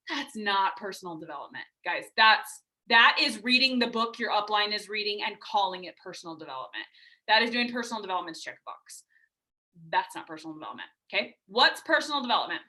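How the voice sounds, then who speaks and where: A woman's voice: on the high side, sharp tone. A woman leading a team call, giving blunt, emphatic coaching advice. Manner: blunt, emphatic, talks straight to her team. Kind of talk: team call pep talk.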